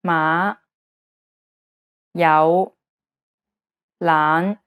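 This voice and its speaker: Woman saying syllables real slow for learners, smooth lowish voice, dry sound. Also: fairly even intonation, fairly bright tone, no room sound. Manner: deliberate, measured. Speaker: pronunciation model speaker.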